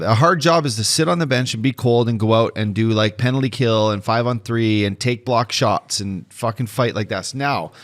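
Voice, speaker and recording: A man's voice: mid-range voice, a bit bright. A man in his thirties co-hosting a casual hockey podcast, giving blunt, profane opinions. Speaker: podcast co-host. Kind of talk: casual sports chat.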